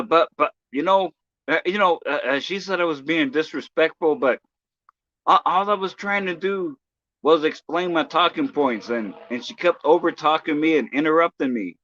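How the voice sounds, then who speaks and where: A man's voice: on the high side, pushed and bright, dry recording, muffled recording. Stammering, profane man ranting on stream. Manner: halting, many restarts and stammers, profane. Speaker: live streamer. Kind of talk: casual livestream rant.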